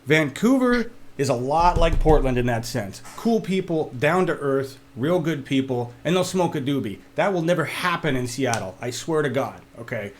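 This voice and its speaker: A man's voice: a little high, expressive, moderate pace, hardly any pauses, a little hiss or hum. Guy co-hosting an online show, jokey and opinionated, ranting. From Oregon. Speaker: show co-host. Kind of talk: casual web show chat.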